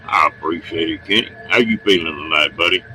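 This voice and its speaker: Folksy man with a very deep voice. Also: fairly quick, bright, forceful tone, slight background noise, poor audio. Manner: folksy, chuckling storyteller. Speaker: livestream host. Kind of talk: casual chat with viewers.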